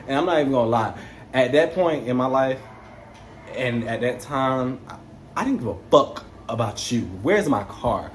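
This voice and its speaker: A young man casually telling a story to camera, animated, slangy and swearing freely. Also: medium pitch, moderate pace, a little hiss or hum.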